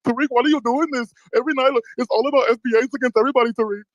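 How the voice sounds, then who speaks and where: A man mocking a high whining pleader. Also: steady tone, very fast, no room sound, highs cut off. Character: whiny man begging for help, mocking a caller.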